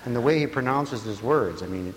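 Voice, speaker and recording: A man preaching a sermon, swinging from hushed murmurs to loud exclaiming and chuckling between points. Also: mid-range voice, animated, a little fast. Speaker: pastor. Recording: hall reverb with faint hiss.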